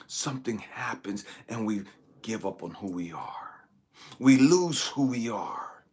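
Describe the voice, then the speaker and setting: A man giving a dramatic personal testimony as a spiritual talk host, swinging from hushed whispers to near-shouts. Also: fairly low pitch, lively intonation, slow pace, slightly rough.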